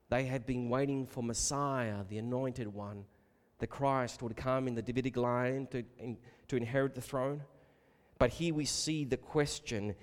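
A man's voice: mid-range voice, smooth. Impassioned male preacher in a reverberant hall. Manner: emphatic, building to loud rhetorical questions, addressing listeners as beloved. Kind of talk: sermon. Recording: long reverb of a large hall.

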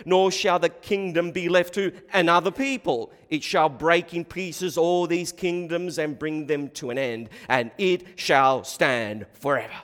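A man preaching in an earnest, emphatic way, pressing his main points home by repeating them. His voice sits a little high for a man, and a long reverb from the church hall trails each phrase. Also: fairly bright tone. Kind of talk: sermon.

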